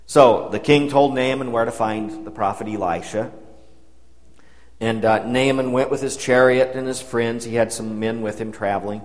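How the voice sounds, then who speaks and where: A man's voice: mid-range voice, fairly even intonation, moderate pace. A man preaching a sermon, retelling a Bible story in a conversational way and paraphrasing the dialogue. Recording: long hall reverb.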